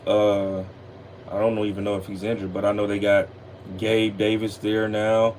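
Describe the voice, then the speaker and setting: A man's voice: fairly low pitch, completely flat delivery, normal speed, a little mellow, slight background noise. Tired, laid-back man talking football. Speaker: sports podcast host. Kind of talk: casual sports talk.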